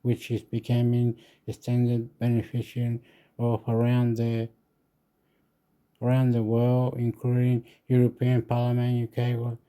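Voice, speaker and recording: A man vlogging a casual news reaction, reading aloud haltingly with stumbles and curses. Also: mid-range voice, completely flat delivery, dark tone, smooth, rough recording.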